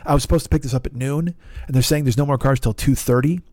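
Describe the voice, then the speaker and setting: A man's voice: medium pitch, fast, a little mellow, no echo. A man hosting a podcast, telling a frustrating story in a casual monologue, swearing often and acting out both sides of the conversation. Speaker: podcast host.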